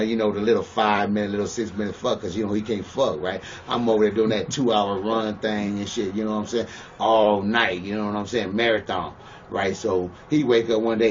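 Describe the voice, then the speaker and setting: A man in a shoot interview, talking bluntly and profanely and often checking "you know what I'm saying.". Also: lowish voice. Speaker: pro wrestler interviewee. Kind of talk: shoot interview, casual storytelling. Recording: muffled, distant mic with faint hiss.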